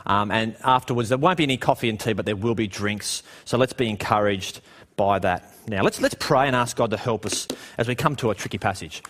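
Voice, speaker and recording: A man preaching a sermon in a church in a conversational way, posing rhetorical questions and dropping low and quiet on the darker points. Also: brisk.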